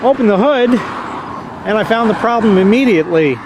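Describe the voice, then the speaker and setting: A man with a rather high voice talks casually and wryly, rambling with the odd mild curse. He is outdoors next to a parked car, filming himself. Faint outdoor hum sits behind him. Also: lively intonation, normal speed. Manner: rambling, wry, swears lightly. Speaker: car owner vlogging a repair. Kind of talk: casual vlog.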